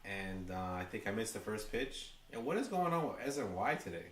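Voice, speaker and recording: A man with a New York accent giving chatty, excitable fan commentary to his livestream chat. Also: lowish voice, a little fast, roomy sound, far from the mic, a little hiss or hum. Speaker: livestream host. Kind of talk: fan watch-along commentary.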